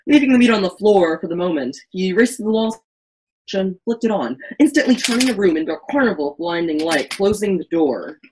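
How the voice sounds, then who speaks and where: A woman's voice: medium pitch, animated, brisk, background noise. A woman reading the narration of an amateur virtual stage play in a melodramatic way, often stumbling and restarting lines.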